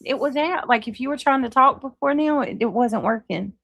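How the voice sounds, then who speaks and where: A woman's voice: sits high, fairly quick, vocal fry, fairly bright tone, dry recording. A woman with a Southern accent hosting a live stream, chatting casually with viewers and swearing freely. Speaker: livestream host. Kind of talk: casual live chat reading comments.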